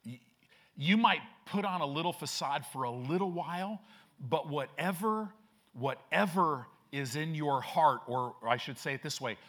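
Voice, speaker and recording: A man's voice: a little high, lively intonation, moderate pace, a bit bright. A man preaching a sermon as pastor, emphatic and repetitive, with frequent restarts.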